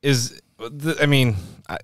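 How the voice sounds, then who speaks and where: A man's voice: mid-range voice, fairly even intonation, slow pace, clean tone, no echo, clean studio sound. A man hosting a podcast, blunt and casual, swearing and steering the talk. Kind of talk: casual chat.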